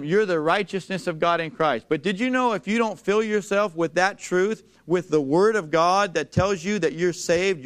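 Man, preacher delivering a sermon; high, smooth voice, emphatic, draws the congregation in with questions. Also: fairly bright tone. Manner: emphatic, asks the congregation to repeat lines, slows for scripture. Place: church before a congregation.

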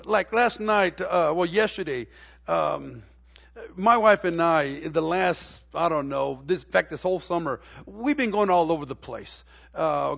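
A middle-aged male pastor preaching a sermon in a church, moving from folksy, stammering stories to emphatic preaching. His voice sits high for a man and has a gravelly edge. The recording sounds a little dull and lo-fi. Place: church sanctuary.

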